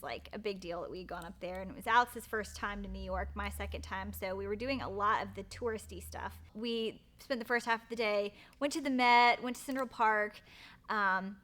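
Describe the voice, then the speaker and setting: A young woman chattily recounting her proposal in a gushing, animated way. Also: mid-range voice. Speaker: bride-to-be telling the proposal story. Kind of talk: casual storytelling.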